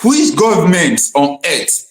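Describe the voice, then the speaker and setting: A man's voice: on the high side, big pitch swings, unhurried. Male livestream host in a roomy space. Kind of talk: livestream talk show. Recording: roomy sound.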